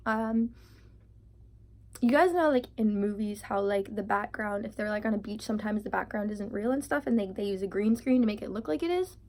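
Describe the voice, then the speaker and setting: A woman in her twenties telling a storytime vlog, animated and full of "like", acting out her own panicked lines. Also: medium pitch, a little fast. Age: 20s. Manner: heavy use of filler "like". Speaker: vlogger.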